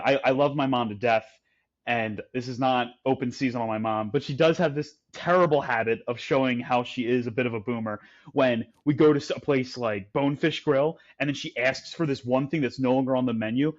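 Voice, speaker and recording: This medium-pitched male co-host talks fairly quickly in a relaxed podcast chat, and the recording's highs are cut off. He tells a rambling story, constantly restarting and padding it with fillers.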